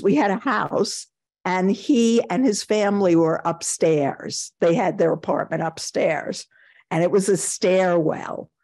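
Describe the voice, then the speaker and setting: An older woman with a New York accent, her voice on the low side with a darkish tone, gives a Zen dharma talk as a teacher. She tells anecdotes, chuckles, and acts out the voices of people she quotes.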